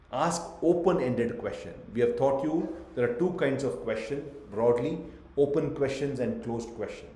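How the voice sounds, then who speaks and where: A man's voice: medium pitch, a little mellow, echoey room. A man teaching an online class on workplace communication, stating points in short emphatic bursts and asking the students questions. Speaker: trainer. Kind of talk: online training lecture. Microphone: webcam on a video call.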